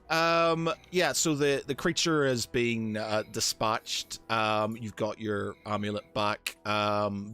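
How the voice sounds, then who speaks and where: A man serves as game master for a tabletop session. He narrates at an unhurried pace, stopping often on ums and restarts. His voice has a bright, forward ring, and soft music plays behind him. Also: lowish voice, smooth. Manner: halting, many ums, laughing easily.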